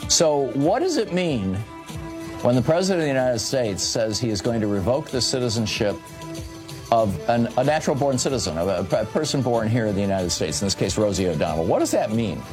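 A man's voice: mid-range voice, big pitch swings, a little fast, over music. A man hosting a political talk radio show, speaking off the cuff with many fillers and restarts.

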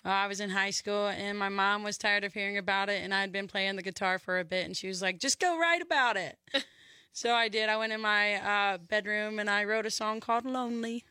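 A young woman with a Georgia Southern accent tells her stories in a lively, chatty way. Her voice is bright and clean, and it sounds dry and close to the mic. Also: medium pitch, a little fast, few pauses, clean tone, no echo. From Georgia, USA. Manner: chatty, laughs often, animated storytelling. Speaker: musician guest. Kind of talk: interview chat.

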